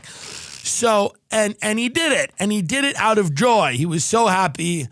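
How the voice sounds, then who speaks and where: A male podcast host tears through a comedic ad read with a sarcastic, rambling, profane edge. His voice sits high for a man and sounds close and dry. He drifts from one tangent to the next. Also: expressive, a little slow, fairly bright tone, no room sound.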